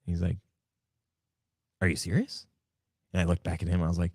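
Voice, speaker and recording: Low-voiced man hosting a podcast. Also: brisk, creaky, long pauses, dry recording, clean studio sound. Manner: animated storytelling, acts out his own past dialogue. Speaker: podcast host. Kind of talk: casual solo podcast talk.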